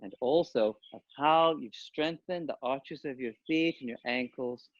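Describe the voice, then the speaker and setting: A man guiding a yoga class, giving calm, unhurried cues with pauses between them. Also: medium pitch, no echo. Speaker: yoga teacher. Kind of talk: guided yoga instruction. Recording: dull, dry lo-fi sound.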